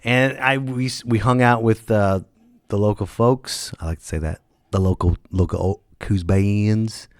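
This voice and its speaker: Lively storytelling comedian, low and dry. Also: male voice, measured pace, dry recording. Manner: animated, jumps into loud impressions of others. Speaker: podcast host and stand-up comedian. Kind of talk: casual storytelling monologue.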